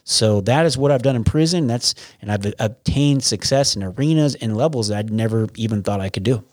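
A man in his forties talks through his story as an interview guest, rambling and restarting his sentences, with the odd curse word. His voice sits at an ordinary pitch, and the sound is dry and close with no room around it. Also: a little fast, a little mellow, no room sound. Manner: rambling, with frequent restarts and profanity. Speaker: podcast guest. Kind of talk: casual conversational interview.

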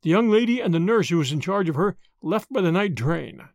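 A man's voice: sits high, lively intonation, fairly quick, no echo, clean studio sound. A man reading the part of a polite, bewildered doctor who speaks hesitantly. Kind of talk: audiobook character reading.

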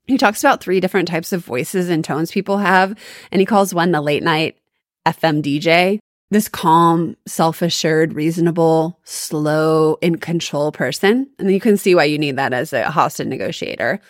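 A woman's voice: deep voice, normal speed, no echo, studio quality. A woman hosting a solo podcast, giving upbeat, emphatic coaching advice on sales calls. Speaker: podcast host.

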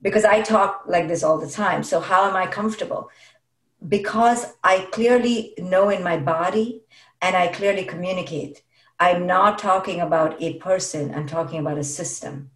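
A woman's voice: on the low side, moderate pace, distant mic. A woman speaks with conviction, leaning on repeated words for emphasis. Her voice sits back from the microphone in a roomy space that adds a noticeable echo. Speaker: guest speaking on parenting. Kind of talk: conversational podcast talk. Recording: roomy sound, voice off-mic.

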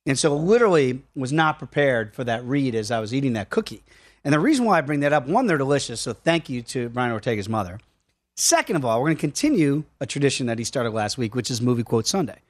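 A man's voice: medium pitch, very animated, quick pace, no room sound. A man hosting a sports betting radio show, chatting casually in a rambling, jokey way and doing live ad reads.

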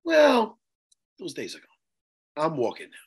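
A man co-hosting a podcast over a video call, talking animatedly and teasing, with loud bursts now and then. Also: fairly high pitch, huge pitch swings, measured pace, breathy edge. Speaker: podcast co-host. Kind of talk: casual chat.

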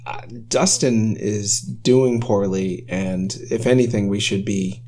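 A man's voice: fairly low pitch, steady tone, takes it slowly, mellow, a little hiss or hum. A man co-hosting a podcast, talking earnestly and hesitantly with fillers. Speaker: podcast co-host. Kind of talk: casual podcast talk.

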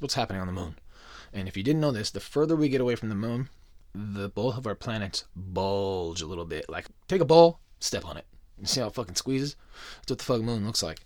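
A young man with a lowish voice rants into a dry, close microphone as a podcast host. He swears constantly, mocks the listener with crude jokes, and talks in a loose, profane monologue style. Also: a bit bright, no room sound. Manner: crude, swearing constantly, mocking, jokey asides.

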